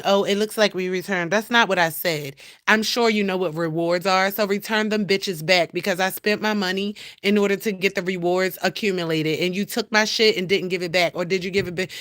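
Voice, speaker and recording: A woman's voice: mid-range voice, fairly bright tone, no echo, studio quality. A young woman, ranting casually on a phone livestream and scolding her cat. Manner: blunt, profane, talks to her cat and viewers.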